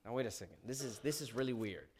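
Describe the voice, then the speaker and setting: Animated man preaching a sermon. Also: medium pitch, fast, slight background noise. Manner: animated, asks the congregation questions, dramatizes quotes. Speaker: pastor.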